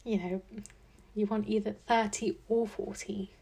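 A woman's voice: medium pitch, flat delivery, measured pace, vocal fry, mellow, breathy edge. A twenty-year-old woman hosting a casual solo podcast, chatty and thinking aloud with lots of likes and ums. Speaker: podcast host.

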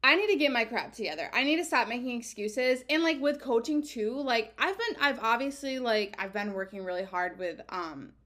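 A woman's voice: a little high, lively intonation, moderate pace, hardly any pauses, a bit bright. A woman in her twenties hosting her own podcast, talking candidly in a chatty, casual monologue full of "like" fillers and casual swearing. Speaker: podcast host.

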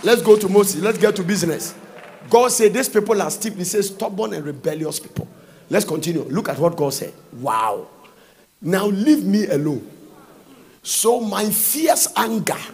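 A man preaching a sermon, reading Bible verses aloud and breaking into fervent, sing-song shouts. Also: sits high, breathy edge.

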